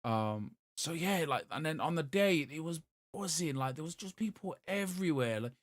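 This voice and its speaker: A man, co-hosting a podcast in casual, excitable chat full of swearing and restarts. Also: on the high side, normal speed, dry recording, clean studio sound. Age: 30s. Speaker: podcast co-host.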